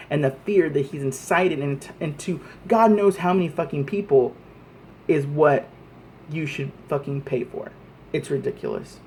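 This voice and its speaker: A man's voice: fairly high pitch, creaky, darkish tone, a little hiss or hum. A man vlogging an angry, profane rant to camera, repeating himself as he presses his points.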